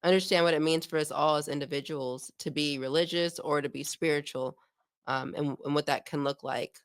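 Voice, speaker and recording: A woman's voice: sits low, steady tone, brisk. A woman hosting a podcast, thanking her guest and asking her questions. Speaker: podcast host. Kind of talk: interview questions.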